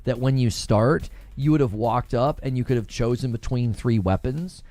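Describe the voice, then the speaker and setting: Rambling gaming streamer, faint music behind. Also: male voice, medium pitch, normal speed, dark tone, dry recording. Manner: rambling, repeats words, many fillers; reads chat comments aloud and reacts. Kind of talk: casual live-stream commentary.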